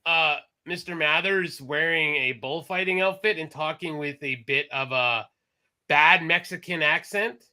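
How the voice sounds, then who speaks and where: A man co-hosting a casual talk show, rambling and correcting himself as he goes. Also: a little high. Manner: rambling, self-correcting, animated. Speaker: podcast co-host. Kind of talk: casual chat.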